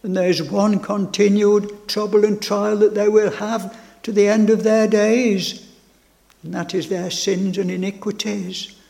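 A man's voice: sits high, level tone, measured pace, vocal fry, darkish tone. A man preaching a sermon with fervent, repeated phrases and stammered restarts. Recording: long hall reverb.

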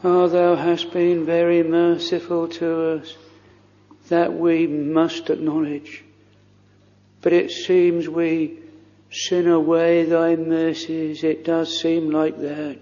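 In a lo-fi recording soaked in long church-hall reverb, a minister offers an earnest, pleading prayer from the pulpit using old-fashioned formal language. He speaks slowly in a flat, even line, his mellow voice pitched a little above most men's.

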